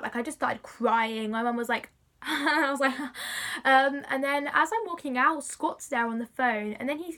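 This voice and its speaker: Young girl gushing about her story, high bright voice, lots of likes. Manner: breathless, gushing, many fillers like "like". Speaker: vlogger. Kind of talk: excited storytelling to camera.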